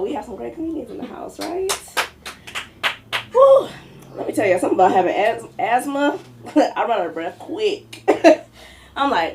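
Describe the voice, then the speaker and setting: A woman's voice: a little high, sing-song, moderate pace, vocal fry, darkish tone, a little hiss or hum. A woman hosting a stand-up open mic, chatty and playful, laughing at her own jokes. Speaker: comedy open mic host. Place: comedy club open mic.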